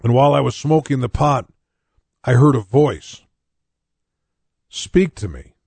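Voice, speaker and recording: A pastor in his sixties from North Dakota tells his own story from the pulpit in a loose, conversational way, restarting his sentences and poking fun at himself. His voice sits at an ordinary pitch for a man. The recording is dry and close, with little room sound. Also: measured pace, creaky, darkish tone, slightly rough, no room sound. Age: 60s. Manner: candid and conversational, with frequent restarts and wry self-mockery. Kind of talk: personal testimony in a sermon.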